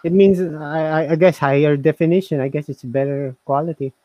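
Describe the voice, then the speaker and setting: A man's voice: fairly high pitch, fairly even intonation, brisk, dark tone, no echo, poor audio. A man co-hosting a casual chat, talking in a hesitant, musing way full of fillers and restarts. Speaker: co-host reviewing voice software.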